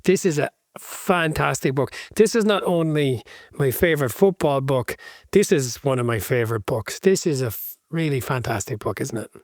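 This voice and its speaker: A man's voice: medium pitch, moderate pace, no room sound, studio quality. A man co-hosting a football book podcast, speaking with earnest enthusiasm and thinking aloud as he goes. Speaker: podcast co-host. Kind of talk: casual book-club chat.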